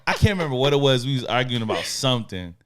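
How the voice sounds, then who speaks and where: A man in his thirties co-hosting a podcast, telling stories in a relaxed, slang-heavy way and laughing often. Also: medium pitch, quick pace, no echo, clean studio sound. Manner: laid-back slang-heavy storytelling with laughs. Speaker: podcast co-host. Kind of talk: casual chat.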